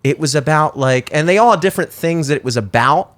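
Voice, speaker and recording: A man with a Baltimore accent chats on a podcast, rambling, swearing freely and restarting his sentences. His voice sits a bit higher than most men's. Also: lively intonation, fast, fairly bright tone. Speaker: podcast host. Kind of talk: casual chat. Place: studio.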